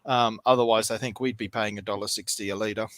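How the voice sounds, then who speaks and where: Man, Australian accent, casual stream chat, bright forceful tone, dry close sound, easygoing rambling. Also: fairly low pitch, fairly even intonation, a little fast, dry recording. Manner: easygoing, rambling with frequent ums. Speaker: stream host.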